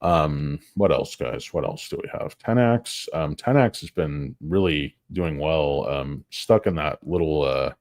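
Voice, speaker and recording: Deep-voiced man joking through market talk. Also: measured pace, few pauses, no echo, studio quality. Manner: crude joking asides, tangents, loud bursts. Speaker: stock market livestream host. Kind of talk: rambling casual market commentary.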